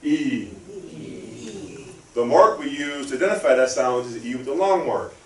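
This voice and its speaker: A man's voice: medium pitch, animated, fast talker, a bit bright. A man giving a live talk in a library, guiding the audience through a spelling drill in call-and-response style. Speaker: guest speaker. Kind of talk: interactive spelling lesson. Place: library lecture room. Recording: roomy, from a distance, faint room hum.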